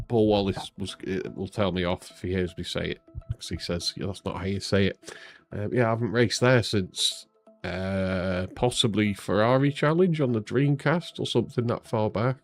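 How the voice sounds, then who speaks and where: A man streaming his sim racing, chatting casually and self-deprecatingly with lots of fillers while he waits for an interview. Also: fairly low pitch. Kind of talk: casual live-stream chat.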